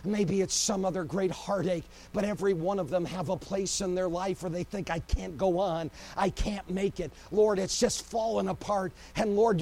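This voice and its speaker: A man preaching a sermon with great passion, swinging between loud cries and hushed, low passages. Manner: impassioned, swings from shouting to hushed.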